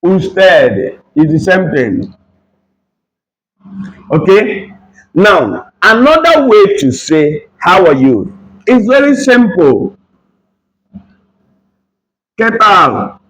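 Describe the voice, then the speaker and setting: Slow, animated male Spanish teacher. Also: high voice, poor audio. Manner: slow, repetitive, switches between Spanish and English phrases. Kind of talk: video language lesson.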